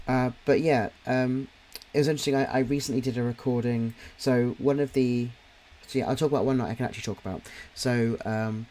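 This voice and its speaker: A man's voice: medium pitch, darkish tone. Rambling man with a slight Cockney accent. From near London, England. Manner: rambling, many fillers and restarts. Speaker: stream co-host and podcast writer. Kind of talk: casual chat on a live drawing stream.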